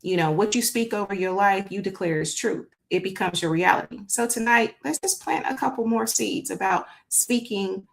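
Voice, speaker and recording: A woman's voice: mid-range voice, moderate pace, vocal fry, hardly any pauses. A woman hosting her podcast livestream, chatty and laughing often, talking straight to her viewers. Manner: chatty, laughs often, keeps saying "y'all" and "right?". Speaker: podcast host. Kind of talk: casual livestream chat.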